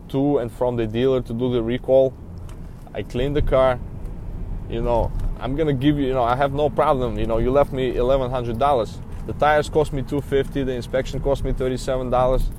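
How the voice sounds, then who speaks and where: A man's voice: mid-range voice, a little mellow, slight background noise. A man who works as a used car dealer, telling a story in a casual, rambling way with lots of fillers and a frustrated edge. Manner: rambling, frustrated, many "you know" fillers.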